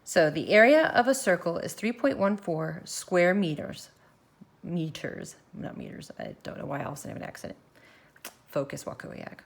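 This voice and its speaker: Woman math teacher, slightly low voice, recorded lesson, talks students through each step, thinks aloud. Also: very animated, gravelly. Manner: walks through steps slowly, thinking aloud. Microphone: phone camera filming her worksheet.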